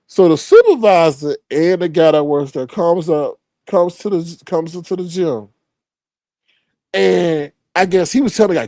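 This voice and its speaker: A man casually telling a story, animated, swearing freely and acting out the other people's voices. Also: on the high side, no room sound, clean studio sound.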